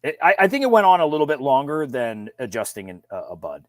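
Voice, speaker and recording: A man co-hosting a podcast in casual chat, loose and wry, often trailing off quietly. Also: on the high side, big pitch swings, fast talker, no room sound. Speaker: podcast co-host.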